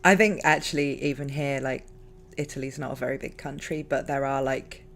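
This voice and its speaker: A woman with a London accent, hosting a casual stream chat, talkative and quick to laugh. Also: a bass voice, steady tone, crowd noise. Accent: London English. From London, England. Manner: chatty, laughs often, many fillers. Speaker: streamer host.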